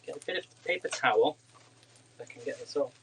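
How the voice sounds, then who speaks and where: A man's voice: mid-range voice, lively intonation, fast talker, slight background noise, poor audio. A man cooking in a home kitchen and chatting casually to viewers of his live stream as he works. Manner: chatty, talks to viewers as he cooks.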